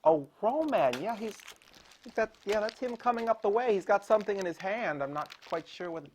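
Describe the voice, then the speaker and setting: A theatrical male horror host who fusses and frets over the night's movie, his pitch leaping all over the place. He mutters low one moment and cries out the next, in a comic hosting style. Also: lively intonation, normal speed, slight background noise. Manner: fussing, theatrical, swinging between mumbles and loud exclamations.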